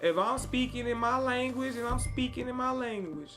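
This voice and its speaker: A man from Chicago live-streams a game and chats with viewers, playfully putting on a Southern cowboy drawl. His voice is very high-pitched and moves at a moderate pace over music.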